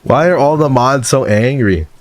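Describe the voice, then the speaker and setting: A man's voice: mid-range voice, expressive, moderate pace, no room sound. A man streaming casually, reading viewer messages aloud in a playful, teasing way and laughing often.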